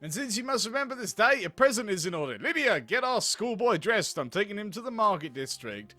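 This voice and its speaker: A man voicing a stern, proud noble father in a narrative game, speaking in a measured, formal way. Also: high voice, very animated, pushed and bright, dry recording, exaggerated voice.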